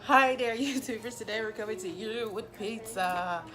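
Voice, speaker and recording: A woman's voice: fairly high pitch, normal speed. Woman vlogger, rambling home mukbang chat on a phone mic, music under it. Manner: chatty and rambling. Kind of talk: casual eating vlog chat.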